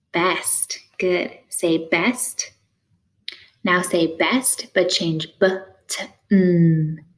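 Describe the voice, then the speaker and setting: A woman leads a phonics lesson at an unhurried, deliberate pace. Her voice sits a little low and she speaks in clear, encouraging prompts. She leaves gaps for the listener to answer. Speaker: teacher. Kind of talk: phonics lesson for young learners.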